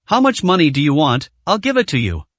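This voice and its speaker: An icy young husband , read by a male narrator, who answers in short, flat lines without interest. The man's voice sits fairly high, and it is recorded dry and close. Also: fairly quick, dry recording, full character voice. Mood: cold, curt. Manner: cold, curt, flat. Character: cold, indifferent young husband, a man.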